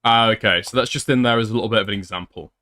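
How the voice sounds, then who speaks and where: A man's voice: on the low side, rapid-fire, pushed and bright. A man doing commentary as a YouTuber, reading screenshots aloud with blunt, sarcastic asides.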